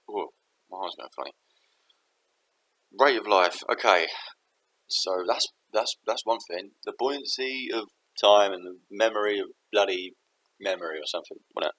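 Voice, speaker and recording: A man's voice: lowish voice, normal speed, long pauses, a bit bright, poor audio. A man thinking aloud to camera in a rambling, self-interrupting way. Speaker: vlogger.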